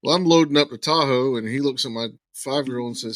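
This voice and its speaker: A podcast guest with a medium-pitched voice talks quickly with few pauses and no room sound. In casual conversation he tells a long personal anecdote, animatedly acting out what the people in his story said.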